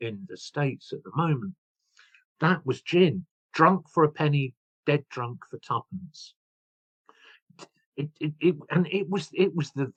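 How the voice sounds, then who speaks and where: A man's voice: mid-range voice, no room sound, dull audio. A man, an author telling history stories with enthusiasm, often restarting and going off on side paths. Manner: enthusiastic, digressive, frequent restarts. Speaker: author and guest. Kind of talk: storytelling history talk.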